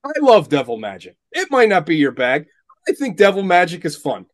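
A high-voiced man rants through a casual podcast chat, swearing often and sounding thoroughly exasperated. The sound is dry and close, with no room around him. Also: huge pitch swings, fairly quick, no room sound. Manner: profane, ranting, exasperated. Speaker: podcast co-host. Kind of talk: casual movie-review chat.

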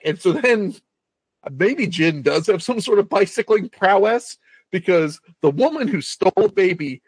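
A man retells a film's story in a loose, rambling way, with a slightly raised pitch and freely dropped swear words. The sound is dry and close, with little room around it. He talks like a co-host chatting casually. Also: expressive, normal speed, husky, no room sound. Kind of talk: casual film recap chat.

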